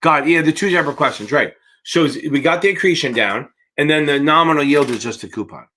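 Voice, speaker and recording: A man's voice: a little high, quick pace, bright, forceful tone. A man tutoring students for securities exams on a live Q&A stream, blunt and profane and tired from yawning, calling his viewers baby. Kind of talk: live Q&A stream, casual teaching.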